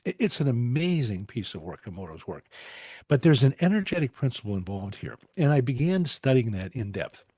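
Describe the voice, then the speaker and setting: A man's voice: medium pitch, very animated, a little fast, warm tone, slightly rough, no room sound, studio quality. A man in his forties, a podcast guest telling long anecdotes, repeating words as he thinks and laughing often. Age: 40s. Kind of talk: storytelling in a podcast interview.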